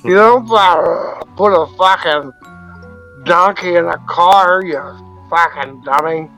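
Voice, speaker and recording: A man's voice: high voice, takes it slowly, gravelly, sharp tone, faint music behind, full character voice, rough recording. A man doing Bingo, a crude rambling clown. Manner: profane, rambling, whiny. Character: crude sleazy male clown.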